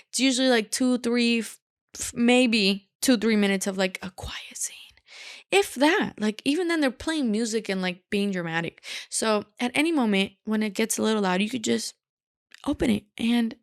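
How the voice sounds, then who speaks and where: A young woman rants on her solo podcast, sassy and animated, with a steady stream of "like" in her speech. Her voice sits in a middle register but keeps sliding into a gravelly vocal fry. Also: mid-range voice. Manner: animated, sassy, full of filler "like". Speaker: podcast host.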